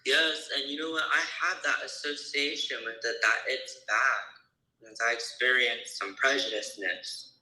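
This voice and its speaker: A man's voice: medium pitch, moderate pace, reverberant, low-quality recording. A man joining a casual spiritual discussion, talking earnestly and with animation. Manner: earnest and animated, retells talks. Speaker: participant in live session.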